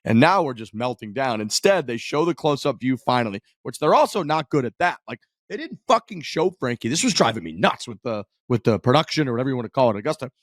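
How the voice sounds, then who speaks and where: A man's voice: medium pitch, fast talker, hardly any pauses, dry recording, clean studio sound. A man co-hosting a podcast, telling a golf finish blow by blow in loose, profane chat. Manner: animated, profane play-by-play storytelling. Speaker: podcast co-host. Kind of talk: casual sports chat.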